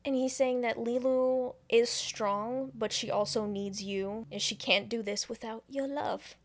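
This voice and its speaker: Animated woman recapping a movie. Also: a little high, a little slow. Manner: animated, profane, laughing storyteller. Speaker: podcast co-host. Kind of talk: casual movie recap chat.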